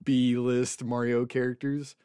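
A man's voice: medium pitch, little pitch movement, slow pace, dark tone, clean tone, no echo, clean studio sound. A man co-hosting a podcast in casual chat, reading out news items with a wry, chatty manner. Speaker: podcast co-host.

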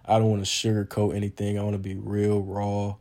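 A man's voice: on the low side, monotone, a little fast, mellow. A young man hosting a solo podcast intro, talking casually and earnestly, admitting he is nervous, with lots of "um" and "man". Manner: earnest, informal, frequent "um" and "man". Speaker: podcast host.

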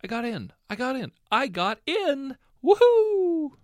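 A man voicing an ecstatic young woman of twenty who squeals with joy in a high, loud voice. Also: sing-song, slow, no room sound, studio quality, full character voice. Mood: elated.

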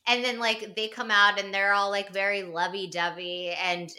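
A woman's voice: medium pitch, little pitch movement, normal speed, pushed and bright. A woman co-hosting a podcast, recapping a reality show in rambling casual chat full of "like". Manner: rambling, filler-heavy storytelling with lots of "like". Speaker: podcast co-host.

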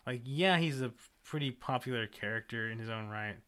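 A man's voice: mid-range voice, brisk, bright, forceful tone, clean tone. A man co-hosting a casual podcast, agreeable and hesitant, with many fillers. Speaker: podcast co-host. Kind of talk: casual chat.

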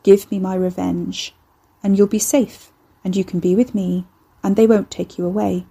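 Woman doing a creaking house spirit, possessive, soothing, mellow, breathy. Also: medium pitch, little pitch movement, moderate pace.

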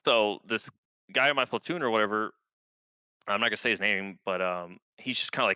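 Veteran male guest, 30s, crisp dry close-mic sound, casual profane storyteller. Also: on the low side, fairly quick, pushed and bright, no echo. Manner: laid-back, profane, rambling with many fillers.

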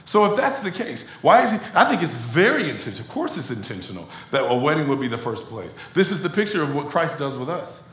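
A man preaching a sermon as pastor, talking to the congregation in an animated, conversational way. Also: fairly high pitch, fast, few pauses, echoey room. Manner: animated conversational preaching, addresses crowd as y'all.

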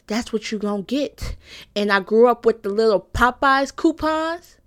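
A woman's voice: a little high, lively intonation, moderate pace, smooth. A young woman giving an emphatic, satirical personal monologue, repeating lines for punch and swearing freely. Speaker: comedic commentator.

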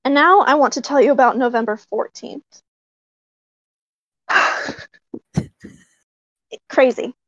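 A fairly high-voiced woman tells a casual story with eager excitement, breaking into laughs and filling pauses with ums and likes. She is a puppeteer. The recording sounds dry and a little dull. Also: no room sound. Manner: excited, laughing, many fillers.

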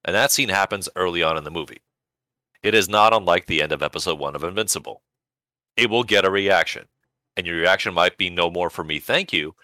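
Deep, wry, bright-toned male co-host. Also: a little fast, no room sound, clean studio sound. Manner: wry, articulate, sardonic. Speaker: podcast co-host. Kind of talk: casual chat.

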